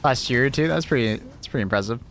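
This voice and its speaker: A man's voice: medium pitch, fast talker, a bit bright, soft background music. A British man streaming a game, chatting casually with his viewers, laughing often and swearing at the game. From Britain. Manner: laughing, swearing, reacting to chat. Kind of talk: casual livestream chat while gaming.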